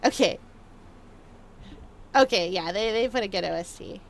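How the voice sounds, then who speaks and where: A woman with a mid-range voice chats playfully with her viewers at a normal speed while live streaming a game, her talk full of ums and laughter. A faint hiss or hum sits under the recording.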